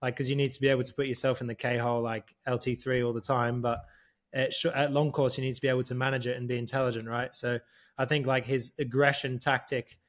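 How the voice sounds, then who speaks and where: A young man, co-host of a casual podcast chat, telling animated stories with frequent laughter and swearing. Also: mid-range voice, quick pace.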